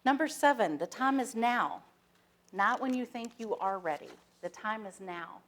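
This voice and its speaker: A woman minister giving a sermon, starting with gentle, soft-spoken guided stillness and moving into storytelling. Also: on the high side, expressive, moderate pace. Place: church sanctuary, stage lights.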